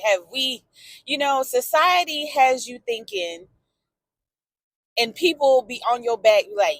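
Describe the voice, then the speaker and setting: A woman's voice: sits high, big pitch swings, unhurried, a bit bright, no room sound. A woman talking candidly in a personal vlog from her car, emotional and outspoken, swearing and answering back to a story she follows. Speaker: vlogger.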